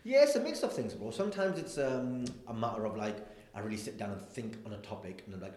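A male stand-up comedian talks fast and casually, slipping into the voices of the people in his anecdotes. His voice sits a little low. The recording has a noticeable room echo. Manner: animated storyteller, acts out people in anecdotes. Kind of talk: casual interview chat.

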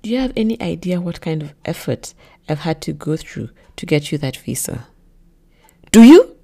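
A woman's voice: sits low, a little fast, vocal fry, exaggerated voice. Woman voicing a cold, controlling jealous man. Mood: shouting. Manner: flat, cold and quiet, bursting into shouts.

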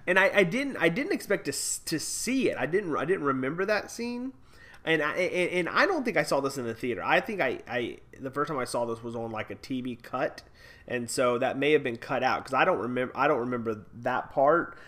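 A man's voice: mid-range voice, lively intonation, a little fast, a bit bright. A man co-hosting a movie podcast, talking casually with lots of stammered restarts. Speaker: podcast co-host. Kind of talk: casual chat about a movie.

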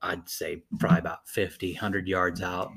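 A man's voice: deep voice, flat delivery, normal speed, creaky, a bit bright, slightly rough. A young man co-hosting a podcast, telling stories in a laid-back way with a lot of swearing. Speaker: podcast co-host. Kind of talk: casual chat, telling stories.

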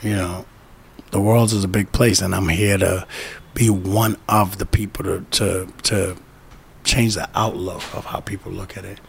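A man with a low, gravelly voice talks emphatically in a relaxed conversation, hammering home his points by repeating them. He drops into the voices of the people he quotes. Faint noise sits behind him. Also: moderate pace. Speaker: boxing trainer. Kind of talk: casual conversation.

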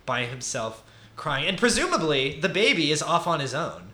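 A man's voice: fairly high pitch, big pitch swings, normal speed, sharp tone, roomy sound. A man co-hosting a podcast, chatting casually through a movie review, laughing often and swearing now and then. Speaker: podcast co-host.

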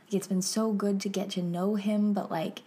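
A young adult woman hosting a podcast, telling a personal story in a soft, chatty way with many fillers and frequent hushed whispers. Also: medium pitch, flat delivery, moderate pace. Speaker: podcast host.

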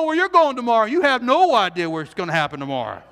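A male pastor delivering an earnest, animated sermon, full of repeated phrases and questions put to the congregation. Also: extremely high pitch, fast talker. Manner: earnest, animated preaching with repetitions and rhetorical questions. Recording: reverberant hall.

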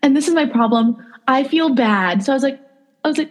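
A young woman co-hosting a podcast, telling dating stories in a casual, animated way, acting out quotes and saying "like" a lot. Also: fairly high pitch, normal speed. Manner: animated, acts out quotes, lots of "like". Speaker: podcast co-host. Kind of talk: casual storytelling chat.

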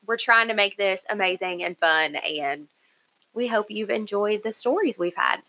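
A woman co-hosts a podcast in loose, casual chat. She talks in an excitable, chatty way and giggles often. Her voice is bright and forceful. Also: medium pitch, normal speed, poor audio. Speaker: podcast co-host.

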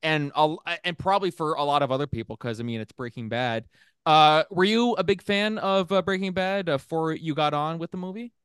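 A man's voice: a little high, fairly quick, a bit bright, clean tone, no room sound, studio quality. A man hosting a casual podcast interview, rambling with lots of fillers and restarts, laughing often. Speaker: podcast host.

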